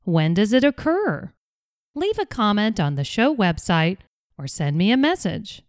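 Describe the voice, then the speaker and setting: A woman hosting a scripted English pronunciation podcast, modeling sounds slowly and carefully. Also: mid-range voice, big pitch swings, no echo, studio quality.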